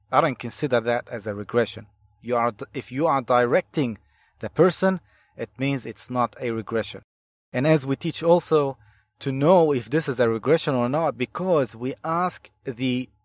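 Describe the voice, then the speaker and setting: A man's voice: medium pitch, dry recording. Dry-voiced man telling therapy cases. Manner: deliberate, repeats and restarts phrases. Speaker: hypnotherapy instructor and podcast host. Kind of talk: podcast monologue recounting client cases.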